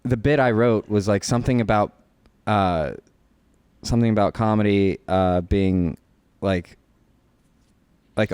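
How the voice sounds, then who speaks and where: A man co-hosting a podcast, talking in casual chat with halting restarts. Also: on the low side, a little mellow, no echo. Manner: halting, with many restarts and fillers. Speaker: podcast co-host, poker player.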